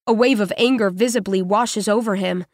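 A woman's voice: medium pitch, dry recording, studio quality. Woman narrating an audiobook in first person. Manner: measured and even, with short, plain sentences.

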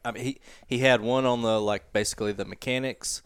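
A man's voice: medium pitch, fairly even intonation, a little fast, clear, resonant tone. A man who is a guest on a podcast, speaking hesitantly with many fillers in casual chat.

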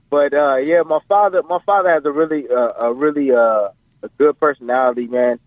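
A man guest telling animated, rambling stories in a casual interview, calling in by phone. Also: on the high side, normal speed, no room sound. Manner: animated, rambling, full of fillers. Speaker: guest, professional boxer. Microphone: phone call. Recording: tinny phone line.

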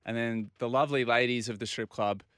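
An Australian man telling a long, animated anecdote on a casual talk show and acting out the other people's lines. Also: medium pitch, brisk, clean tone, dry recording. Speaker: regular guest. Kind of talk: casual storytelling.

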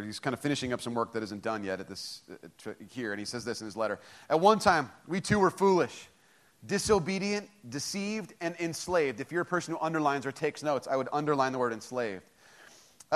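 A man delivering a sermon in a voice pitched a little higher than most men's. He tells stories animatedly, playing out both sides of a conversation. He drops low and quiet to drive home his points. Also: fairly quick. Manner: animated storytelling, acts out both sides of a phone call. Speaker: pastor.

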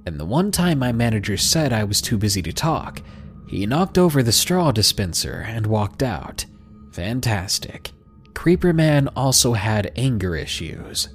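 A male podcast narrator reads a listener's scary story with drama and dry sarcasm. His mid-pitched voice moves expressively, with faint music underneath. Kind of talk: scripted horror story narration.

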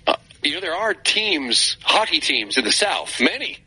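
A man's voice: on the high side, sing-song, moderate pace, bright, forceful tone, slightly rough, voice pushed up, full character voice, low-quality recording. A man voicing a puzzled, needling male radio co-host.

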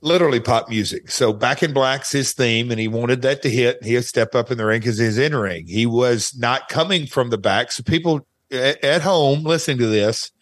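Man, podcast guest, candid stories, animated, dry close recording. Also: mid-range voice, normal speed, hardly any pauses, no echo. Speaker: podcast guest, wrestling announcer. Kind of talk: casual chat, candid storytelling.

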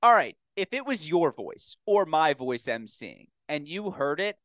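A man's voice: on the high side, unhurried, no echo. A man co-hosting a sports recap podcast, chatting casually and acting out quotes. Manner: animated, acts out quotes. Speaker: podcast co-host. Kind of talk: casual chat.

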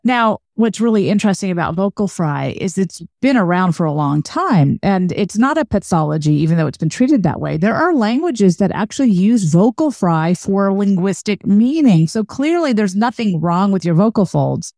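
Woman academic, podcast guest, explanatory, mid pitch, dry mic. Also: big pitch swings, normal speed, few pauses, warm tone, no echo. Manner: explanatory, academic, demonstrates voice qualities. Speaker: linguist and author, guest. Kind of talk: podcast interview.

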